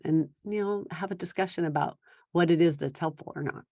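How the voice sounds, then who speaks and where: A woman giving parenting advice in a conversational talk, now and then acting out quick quoted exchanges between parent and teen. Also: lowish voice, warm tone, dry recording, clean studio sound. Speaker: parenting coach.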